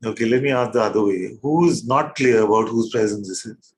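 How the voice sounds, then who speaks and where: A man leading a satsang as spiritual teacher, probing his listeners with repeated questions in a gentle, playful way. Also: fairly low pitch, fairly quick, slight background noise, low-quality recording. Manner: gentle and playful, with soft laughs. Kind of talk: satsang teaching to a live group.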